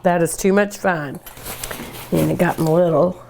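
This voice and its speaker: Slow-talking gushing older woman. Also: lowish voice, fairly even intonation, gravelly, darkish tone, slight background noise. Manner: gushing, enthusiastic, chatty while eating. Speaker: cooking show host. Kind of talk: casual cooking show talk.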